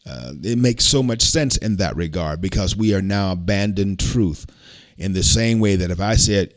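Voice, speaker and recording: An older man from the hosts a podcast conversation. His voice sits low, and he talks in an earnest, preacherly way that drops into a hush when he recalls the past. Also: normal speed. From Alabama, USA. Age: 60s. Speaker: podcast host. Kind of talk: casual storytelling chat.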